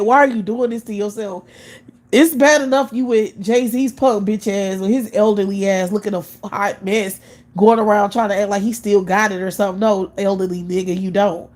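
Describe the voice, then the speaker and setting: A woman's voice: mid-range voice, a little mellow. Woman host, profane scornful live-stream rant, blunt and repetitive.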